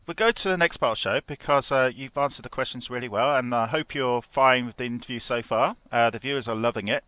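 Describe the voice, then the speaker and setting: Bright-voiced man hosting an interview. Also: mid-range voice, fast talker, no echo. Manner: chatty, formal interviewer phrasing. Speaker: interview show host. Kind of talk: role-play talk show hosting. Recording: dry lo-fi game voice chat.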